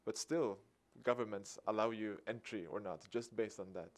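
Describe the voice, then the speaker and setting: A man's voice: lowish voice, normal speed. Swedish man telling a story. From Sweden. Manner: lively storyteller acting out dialogue with a chuckle. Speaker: activist speaker. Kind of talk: public talk.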